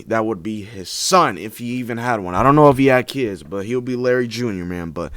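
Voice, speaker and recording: A man's voice: medium pitch, lively intonation, fairly quick, hardly any pauses, clear, resonant tone, no room sound, clean studio sound. A man hosting a reaction video, talking slangy and casual, drawing words out for emphasis and cursing. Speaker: reaction channel host.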